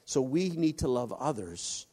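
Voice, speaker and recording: A man preaching a sermon, halting often with restarts and acting out quoted voices. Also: medium pitch, sing-song, warm tone. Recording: long hall reverb.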